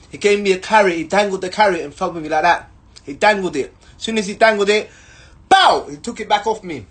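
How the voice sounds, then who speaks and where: A man's voice: fairly high pitch, a bit bright, slightly rough. A young man, animatedly telling a story, full of slang, acted-out voices and sound effects.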